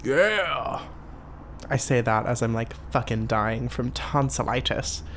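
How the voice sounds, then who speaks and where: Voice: medium pitch, level tone, moderate pace, a little hiss or hum. Um apresentador de podcast na casa dos vinte e poucos anos, com sotaque americano, conversando sozinho de forma descontraída e brincalhona. A fala é exagerada e teatral, cheia de palavrões, com tom de voz médio. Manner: chatty, playful and campy, swears freely. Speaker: podcast host. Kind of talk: casual solo podcast chat.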